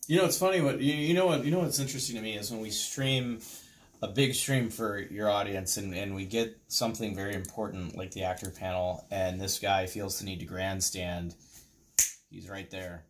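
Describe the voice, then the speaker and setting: A man's voice: lowish voice, fairly even intonation, normal speed, slight background noise. A man co-hosting a stream, chatting casually with short agreeing replies and dry jokes. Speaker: streamer co-host. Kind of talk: casual chat.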